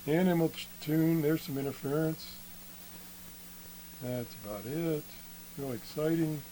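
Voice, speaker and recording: Guy losing his voice, keeps clearing his throat, talks real slow, bit of hiss. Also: a little high, mellow, low-quality recording. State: losing his voice after illness. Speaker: radio hobbyist video host. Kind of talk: casual show-and-tell demo.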